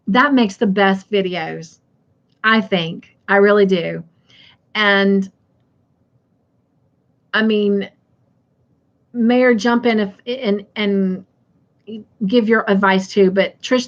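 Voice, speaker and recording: Unhurried middle-aged woman hosting a live stream. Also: mid-range voice, dull audio. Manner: chatty, reads viewer comments aloud and laughs easily. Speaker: host of a crafting live stream. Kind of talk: casual live-stream chat.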